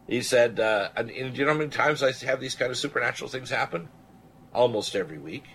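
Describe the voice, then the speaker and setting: Speaking fast in a gravelly, medium-pitched voice over slight background noise, an older radio host from Canada recounts something that happened to him. He testifies earnestly and animatedly, performing the voices of those he quotes.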